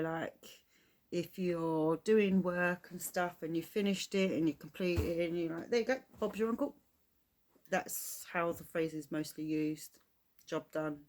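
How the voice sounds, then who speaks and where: Low-voiced English woman explaining slang. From England. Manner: chatty, explains slang with quick laughs. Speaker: reaction video host. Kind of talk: casual reaction commentary.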